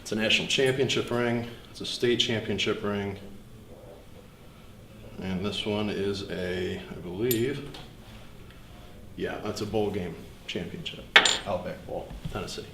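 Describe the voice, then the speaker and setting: A young man giving an earnest, reflective seminar speech with pauses. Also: on the low side. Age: young adult. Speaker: student speaker. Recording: echoey room, distant mic, faint hiss.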